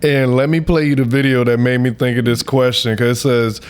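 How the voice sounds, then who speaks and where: A young adult man co-hosting a podcast in casual, joking banter, animated and repeating phrases for laughs. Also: medium pitch, a little fast, smooth. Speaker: podcast co-host.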